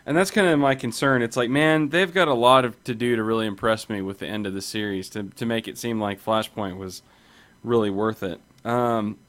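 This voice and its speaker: A man's voice: fairly low pitch, moderate pace, fairly bright tone. A man co-hosting a casual comic book podcast, laughing often and talking loosely with lots of ums and restarts. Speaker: podcast co-host.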